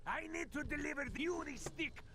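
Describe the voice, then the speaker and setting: A man's voice: very high-pitched, a little fast, bright, forceful tone. An actor playing a gloating male villain in a video game, taunting his foe over game music.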